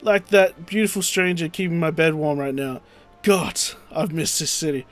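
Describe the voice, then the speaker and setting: A man's voice: on the high side, normal speed, faint music behind, close to an everyday voice. A man voicing a charming, roguish former gladiator turned explorer in a game playthrough.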